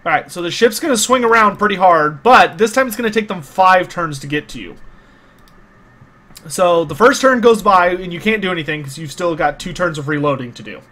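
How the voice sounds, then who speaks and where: A man's voice: high-pitched, lively intonation, fairly quick, pushed and bright. A man narrating a tabletop game as game master, explaining the rules patiently with many small hesitations.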